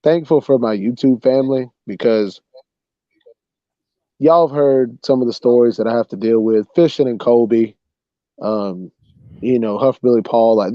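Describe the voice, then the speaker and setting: A young man hosting a livestream, casually telling a funny story, animated and saying "bro" a lot. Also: medium pitch, no room sound, muffled recording. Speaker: livestream host.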